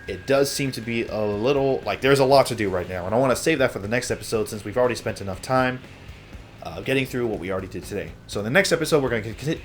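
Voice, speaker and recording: A man hosting a let's play, giving casual, chatty commentary on a game, relaxed and with fillers. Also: medium pitch.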